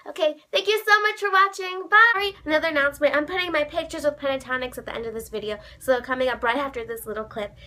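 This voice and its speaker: A young woman vlogging, telling a story with gushing excitement, saying "like" constantly and squealing when she quotes herself. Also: sits high, fast, few pauses. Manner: gushing, heavy use of "like", bursts of squealing quotes.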